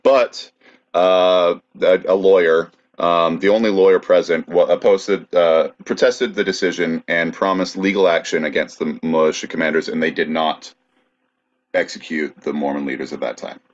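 A man's voice: low voice, fairly even intonation, moderate pace, muffled recording. A man co-hosting a podcast, casually recounting history with plenty of fillers. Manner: laid-back, many fillers while recounting history. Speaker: podcast co-host presenting research.

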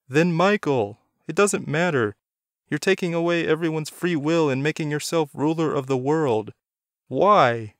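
Man putting on a desperate, shrill young hero. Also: unhurried, dry recording, studio quality, lightly acted. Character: young male hero, terrified and defiant.

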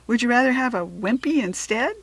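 A woman's voice: fairly high pitch, expressive, brisk, no room sound, pitched above the performer's own voice. Woman voicing a nervous schoolgirl-turned-lunch-lady. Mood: fretful. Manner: nervous, fretting.

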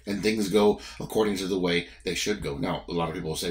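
A man's voice: low-pitched, fairly even intonation, fast. A man with a Southern US accent giving a morning devotion, preaching in an emphatic, repetitive, conversational way. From American South.

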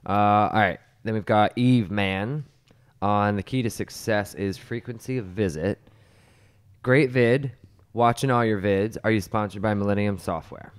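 A man co-hosting a hairdressers' podcast in casual chat, explaining techniques in a measured, teacherly way. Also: lowish voice, fairly even intonation, clear, resonant tone. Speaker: hairstylist co-host and colour educator.

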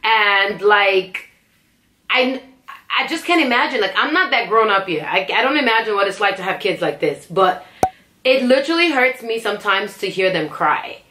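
Bright-voiced, excitable young woman vlogger. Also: mid-range voice, moderate pace. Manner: excitable and emotional, chatty with many fillers. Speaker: reaction video host. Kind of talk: casual reaction commentary.

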